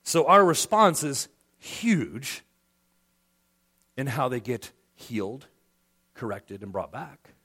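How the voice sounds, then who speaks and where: A man's voice: medium pitch, big pitch swings, takes it slowly, long pauses, sharp tone, slightly rough. A middle-aged man preaching a sermon as pastor, conversational, acting out quoted voices.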